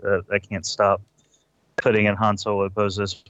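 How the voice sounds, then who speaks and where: A man's voice: fairly low pitch, completely flat delivery, unhurried, fairly bright tone, dry recording, lo-fi sound. A man co-hosting a casual podcast chat, joking dryly and stalling with fillers. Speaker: podcast co-host.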